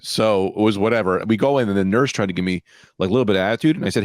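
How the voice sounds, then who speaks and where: A man's voice: on the low side, very fast, no echo. A young man co-hosting a comedy podcast, telling stories with gusto and acting out the people in them. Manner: animated storyteller, acts out quoted people. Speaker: podcast co-host. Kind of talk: casual chat.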